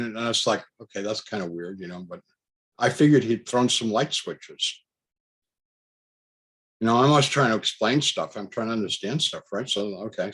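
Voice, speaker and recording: A man's voice: lowish voice, fairly bright tone, poor audio. A man telling a personal story in a casual, rambling way, full of asides and self-corrections. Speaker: speaker recounting a personal experience. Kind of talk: casual spoken testimony.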